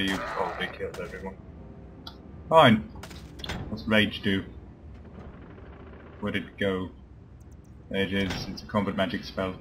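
A man's voice: medium pitch, fairly bright tone, slight background noise. A man giving casual, joking commentary while playing a video game, chatting to his party members and swearing now and then. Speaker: let's play commentator.

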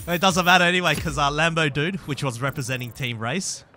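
A young man hosting a racing game session with friends, laughing a lot and bursting into excited shouts. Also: a little high, fairly quick, faint music behind. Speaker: YouTube gaming host. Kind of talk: casual gaming chat.

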